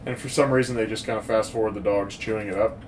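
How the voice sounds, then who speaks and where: A man co-hosting a casual movie review podcast, rambling and animated and laughing often as he recaps scenes. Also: fairly low pitch, fast, recorded from a distance, slight background noise. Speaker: podcast co-host.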